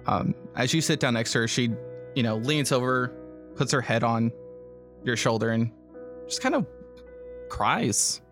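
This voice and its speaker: A man serves as game master for a tabletop game, narrating in a rambling way full of fillers and laughter. His medium-pitched, fairly bright voice is expressive and a little slow, with long pauses. Soft music plays in the background.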